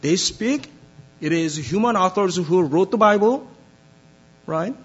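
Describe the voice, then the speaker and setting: A man preaching a sermon as pastor, speaking deliberately with many pauses and fillers. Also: high-pitched, expressive, breathy edge, dull audio.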